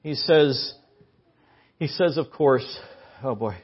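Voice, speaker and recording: A man's voice: mid-range voice, slow, breathy edge. A man preaching a conversational sermon as guest preacher, chatty and given to joking asides. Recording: muffled lo-fi sermon recording.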